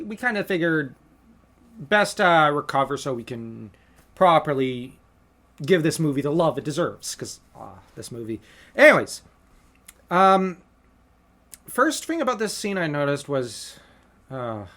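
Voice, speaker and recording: A man with a slightly raised pitch, talking in a casual, earnest podcast style. He walks through a film scene piece by piece and lays out his fan theories at length. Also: pushed and bright. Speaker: podcast co-host.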